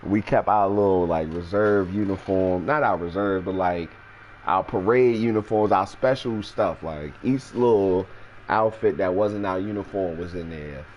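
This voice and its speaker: A man telling a story in a casual, animated and profane way, jumping into high voices when quoting people. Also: a little slow, lo-fi sound, a little hiss or hum. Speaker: storyteller host.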